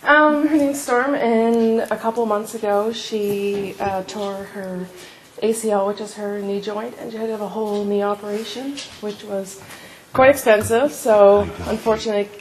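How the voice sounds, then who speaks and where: A woman's voice: medium pitch, steady tone, normal speed, low-quality recording. A woman being surprised on radio with money for her dog's vet bill, nervous, shaky and giggly as she talks. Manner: flustered and giggly. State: nervous, shaking. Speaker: listener being given money. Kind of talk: casual chat.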